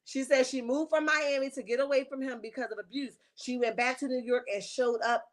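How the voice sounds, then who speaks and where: A woman's voice: sits high, steady tone, fairly quick. Sassy woman gossiping on a livestream. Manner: sassy, emphatic, chatty, reads viewer comments aloud. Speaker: livestream host. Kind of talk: casual reality-TV gossip livestream.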